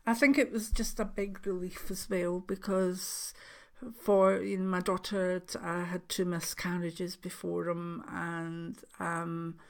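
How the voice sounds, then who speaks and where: An older Scottish woman, a grandmother, chatting to her viewers in a rambling, emotional way, with soft laughs. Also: lowish voice, level tone, takes it slowly. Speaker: spiritual channel host. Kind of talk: casual chat to camera.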